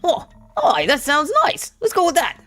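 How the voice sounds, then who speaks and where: A woman's voice: high-pitched, huge pitch swings, moderate pace, fairly bright tone, faint music behind, voice pushed up, full character voice. A woman voicing cheerful giant Claymore. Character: cheerful, sweet-natured giant barbarian man. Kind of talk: video game voice acting.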